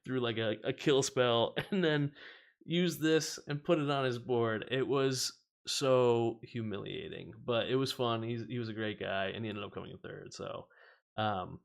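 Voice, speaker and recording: A man's voice: mid-range voice, a little slow, gravelly. A man hosting a casual card-opening stream. He chats, laughs often and reads the card text aloud. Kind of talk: casual chat while opening card packs.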